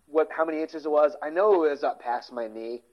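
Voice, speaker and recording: A man's voice: fairly high pitch, a little fast. A man from the Philadelphia area in his forties, chatting casually and rambling with many restarts. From Philadelphia area, USA. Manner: rambling, hesitant, full of restarts. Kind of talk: casual chat. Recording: dull lo-fi sound.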